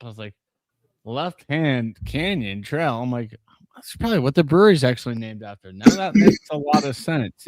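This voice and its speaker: A man's voice: mid-range voice, no echo. A man in a casual podcast chat who tells chatty stories and laughs often as he talks.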